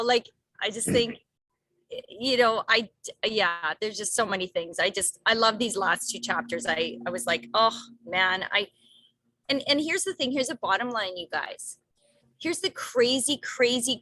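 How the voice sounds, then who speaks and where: A woman's voice: on the high side, no echo. A woman talking casually in a group discussion, rambling with many restarts and asking "right?" as she goes, acting out what others say. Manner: animated quoting of others. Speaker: book group member.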